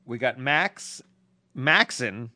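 A man's voice: mid-range voice, expressive, very slow, pushed and bright, dry recording. A man co-hosting a casual podcast, laughing often and rambling through stumbling restarts while reading listener letters aloud. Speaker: podcast co-host.

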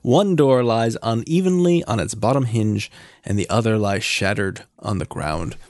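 A man's voice: on the low side, moderate pace, darkish tone, no room sound, studio quality. Man running a tabletop game. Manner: descriptive, with frequent uh fillers. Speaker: game master.

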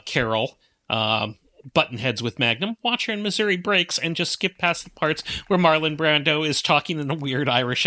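A man's voice: a little high, no room sound. A man co-hosting a podcast in casual chat, wry and joking. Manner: wry, joking, lively delivery. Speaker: podcast co-host.

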